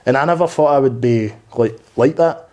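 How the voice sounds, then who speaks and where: Young male comic guest, mellow low-toned voice, rambling candid chat with plenty of swearing. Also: normal speed. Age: 20s. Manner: rambling, earnest, peppered with swearing and "mate". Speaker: podcast guest, stand-up comedian. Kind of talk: candid conversational interview.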